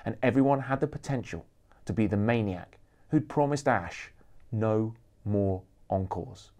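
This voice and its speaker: A man reading aloud from his own thriller novel, lively and expressive in his narration. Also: lowish voice, a little slow. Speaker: author reading his book.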